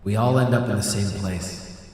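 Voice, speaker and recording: A man's voice: lowish voice, a little mellow, pitched below the performer's own voice. A man voicing a ghostly spirit that taunts a player to give in, through a spooky echo voice filter. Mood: ominous. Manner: taunting, slow and ominous. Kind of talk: gaming voice chat. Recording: echoey voice filter.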